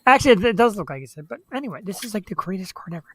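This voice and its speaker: A woman's voice: mid-range voice, lively intonation, very fast, a bit bright, no room sound. A woman hosting a live web show, chatting casually and rambling with easy laughs. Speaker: show host.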